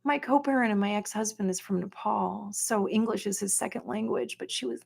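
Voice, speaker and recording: A woman's voice: mid-range voice, lively intonation, normal speed, vocal fry, a little mellow. A woman from Florida hosting a podcast, rambling through a profane, venting personal monologue packed with filler words. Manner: venting, incredulous. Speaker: podcast host.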